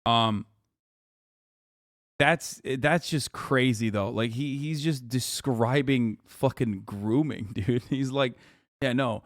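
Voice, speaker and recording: A man's voice: mid-range voice, slow pace, no echo. Incredulous man ranting on stream, dry sound. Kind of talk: live-stream reaction commentary.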